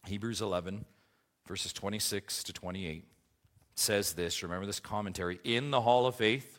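A man preaching a sermon as pastor, emphatic, with big swings between soft low passages and loud high ones. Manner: emphatic preaching with wide swings in pitch and loudness.

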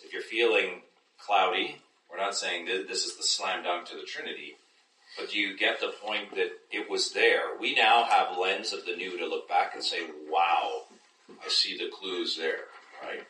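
A man's voice: low-pitched, pushed and bright. A man teaching a Bible class, engaging his listeners and often checking that they follow. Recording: echoey room, distant mic, faint noise.

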